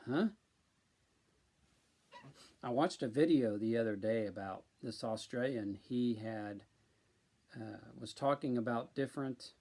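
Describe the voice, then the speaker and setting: Male streamer, deliberate unhurried delivery, filler-heavy casual chat. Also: mid-range voice, a little mellow. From central Illinois, USA. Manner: slow, deliberate, with many ums. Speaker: live stream host.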